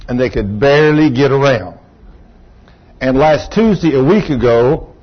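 A man's voice: a little high, breathy edge. A pastor in his sixties preaching a sermon, telling folksy, joking stories about his marriage. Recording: dull lo-fi recording.

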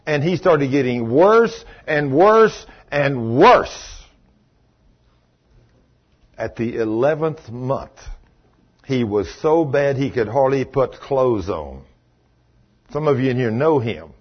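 A man preaching a sermon as pastor, telling stories and swinging from loud exclamations to hushed, low passages. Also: lively intonation, slow pace, pauses often, breathy edge, muffled recording.

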